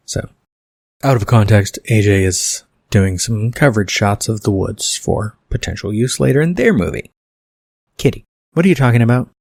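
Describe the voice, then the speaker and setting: A man hosting a podcast reads from his own screenplay, rambling through self-correcting asides in casual commentary on the script. His voice is fairly low and a little mellow, with a dry, clean studio sound.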